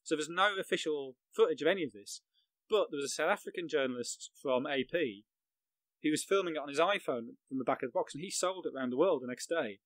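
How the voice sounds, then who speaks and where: A man's voice: a little high, expressive, fast, a bit bright, no room sound, rough recording. A middle-aged man from England recounting a match he covered as a journalist, vivid and self-mocking, laughing at his own story. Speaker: football journalist, guest. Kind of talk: anecdotal storytelling on a podcast.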